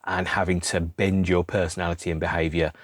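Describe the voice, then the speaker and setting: A man's voice: sits low, little pitch movement, fairly quick, no room sound, clean studio sound. A middle-aged man, rambling through an unscripted solo podcast in a wry, self-deprecating way. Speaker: podcast host.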